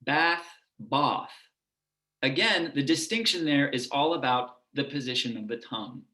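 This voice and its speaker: A man with a lower Midwest American accent giving an online lecture and demonstrating vowel sounds as he explains. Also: lively intonation, brisk, sharp tone, reverberant. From United States.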